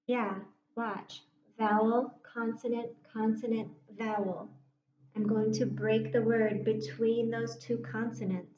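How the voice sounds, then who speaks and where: A woman teacher giving a slow, patient phonics lesson to young children, sounding words out and inviting them to read along. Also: on the high side, flat delivery, noisy background. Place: room at a whiteboard. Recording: echoey room, dull muffled sound.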